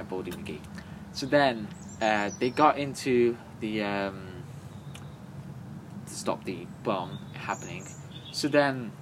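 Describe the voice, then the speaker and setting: Rambling man, faint hiss behind. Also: on the low side. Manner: rambling, halting, full of fillers and restarts. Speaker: podcast co-host. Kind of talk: casual chat.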